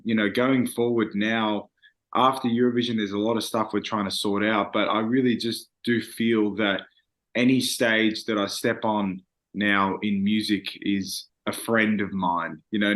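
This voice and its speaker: A man's voice: on the low side, a bit bright. A young man, a singer, talking earnestly and reflectively in a casual interview, with frequent fillers.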